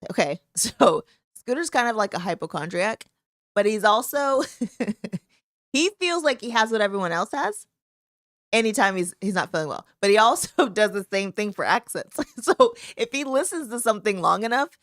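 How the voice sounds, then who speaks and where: A woman co-hosts a podcast, chatting casually in a giggly, playful way. Her medium-pitched voice is very animated and fairly bright, at a moderate pace. The studio-quality recording has no room sound.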